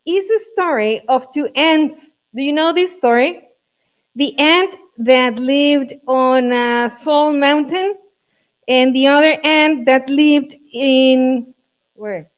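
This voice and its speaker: A high-voiced woman with a Mexican accent leads a classroom workshop for teachers. She talks slowly and coaxes the group, checking in with them often. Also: rough recording. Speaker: teacher trainer.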